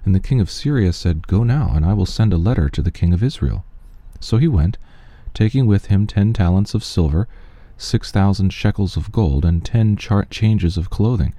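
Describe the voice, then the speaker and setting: A man giving a steady, measured reading of scripture, with quoted speech only lightly voiced. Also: low-pitched, no room sound. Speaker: scripture reader.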